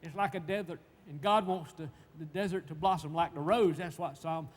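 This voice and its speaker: A man preaching a sermon, stammering and repeating words in folksy, emphatic speech that swings from loud to hushed. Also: fairly high pitch, moderate pace. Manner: emphatic, swinging between shouts and hushed tones. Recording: long reverb, faint background noise.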